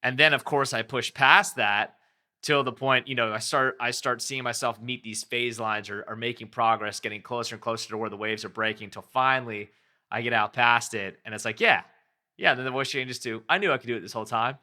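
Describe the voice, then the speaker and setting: A man's voice: medium pitch, fairly even intonation, a little fast, sharp tone. A man hosting his own podcast, talking candidly and rambling a little, correcting himself as he goes. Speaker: podcast host. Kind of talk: reflective solo podcast talk.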